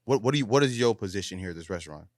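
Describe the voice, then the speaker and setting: Host: man, quick casual questions, lowish voice, dry close mic. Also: lively intonation, no echo. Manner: curious, asks follow-up questions, casual slang. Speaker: podcast host. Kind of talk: casual interview chat.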